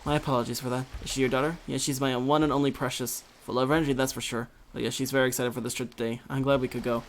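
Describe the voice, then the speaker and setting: A gamer voicing a calm, easygoing middle-aged father who speaks in a lowered voice. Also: racing, slight background noise, natural voice.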